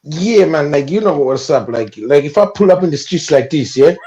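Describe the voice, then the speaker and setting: A man's voice: on the high side, lively intonation, normal speed, mellow, highs cut off. A man on a discussion panel, joking around in slangy street talk.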